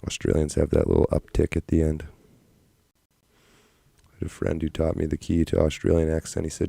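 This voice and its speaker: Low-voiced male streamer, rambling and profane, dry close sound. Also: completely flat delivery, fairly quick, vocal fry, pauses often, mellow, breathy edge, no echo. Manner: rambling, profane, self-deprecating. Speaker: livestream host. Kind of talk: casual livestream chat.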